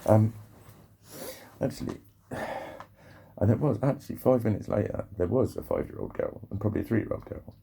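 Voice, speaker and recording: A man's voice: fairly low pitch, very animated, normal speed, creaky, pauses often, mellow, a little hiss or hum. A man rambling and swearing freely through a casual vlog monologue, often breaking off and restarting his sentences. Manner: rambling, sweary, self-interrupting. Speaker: vlogger.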